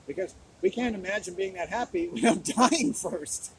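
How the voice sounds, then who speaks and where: Man vlogging outdoors, fairly high voice, faint outdoor hiss, rambling deadpan dark jokes, handheld camera. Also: a little fast, low-quality recording. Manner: absurd, dark deadpan joking. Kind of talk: rambling solo vlog. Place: outdoors in nature.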